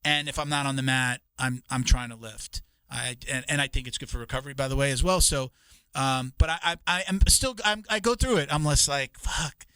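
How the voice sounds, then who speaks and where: A man's voice: mid-range voice, a little fast, pushed and bright, smooth, no room sound. A man co-hosting a podcast, talking casually and rambling, swearing and restarting his sentences often. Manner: rambling, profane, with many restarts.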